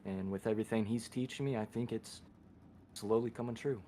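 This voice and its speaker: Easygoing young man, slightly low voice. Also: fairly even intonation, fairly quick, mellow, a little hiss or hum. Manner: easygoing, grateful, joking. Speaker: race driver being interviewed. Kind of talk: post-race interview.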